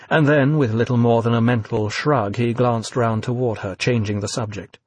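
A man narrating an audiobook in a measured, even reading. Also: medium pitch, breathy edge, no room sound.

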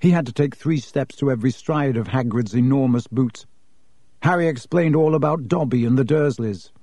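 A man narrating an audiobook in a steady, measured way. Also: mid-range voice, no echo.

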